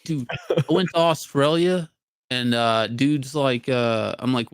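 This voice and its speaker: A man's voice: mid-range voice, slow, smooth, no echo. Southern-ish man from North Carolina, profane rambler, dry mic, casual podcast guest. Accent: Southern US, mixed with Northern. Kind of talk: casual livestream chat.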